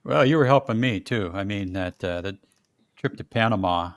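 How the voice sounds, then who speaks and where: A man hosting a casual chat, telling lively stories and laughing often. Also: fairly low pitch, normal speed. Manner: animated storyteller, laughs often, puts on voices in quotes. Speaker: podcast host.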